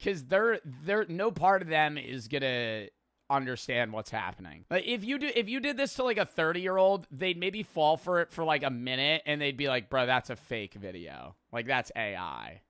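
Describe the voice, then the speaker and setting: A man's voice: a little high, very animated, normal speed, fairly bright tone, clear, resonant tone, no echo, clean studio sound. A man giving casual reaction commentary, blunt and profane, mocking what he watches.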